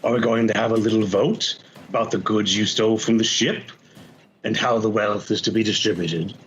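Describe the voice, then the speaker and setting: A man playing a calm, calculating male pirate officer who taunts his rivals in a measured way. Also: on the low side, lo-fi sound, a little hiss or hum, pitched below the performer's own voice, lightly acted. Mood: taunting.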